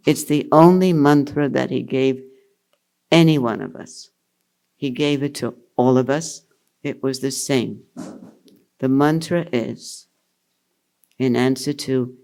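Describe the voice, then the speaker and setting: An older woman teaching at a retreat, answering questions in an unhurried, amused way and laughing often. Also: rumbling low, vocal fry, a little mellow. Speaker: spiritual teacher.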